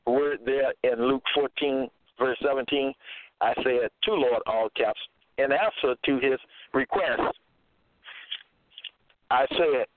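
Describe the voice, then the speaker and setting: Man, slow deliberate sermon, scripture citations, tinny phone-like audio, dry sound. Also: medium pitch, dry recording. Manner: deliberate, cites verses, repeats "okay?". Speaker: self-styled religious teacher.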